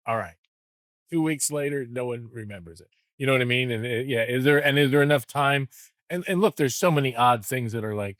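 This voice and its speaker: A middle-aged man in a mid-pitched voice rambles through memories of his writing days. He often slips into acted-out lines to make a point. The sound is close and dry. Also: brisk, fairly bright tone, no room sound. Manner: loose, rambling, acts out remembered lines. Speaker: former wrestling writer, co-host. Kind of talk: casual podcast chat.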